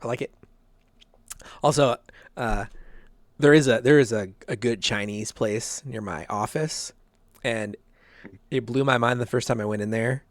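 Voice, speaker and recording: A man's voice: medium pitch, a little slow, pauses often, no echo. A man hosting a casual podcast chat, laughing often and repeating his words with plenty of fillers. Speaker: podcast host.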